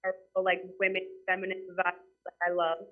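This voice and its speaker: A woman's voice: fairly low pitch, completely flat delivery, fairly quick, faint music behind. Twenties woman caller, casual and giggly, heard over a thin phone line. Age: 20s. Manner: casual, giggly, heavy use of "like".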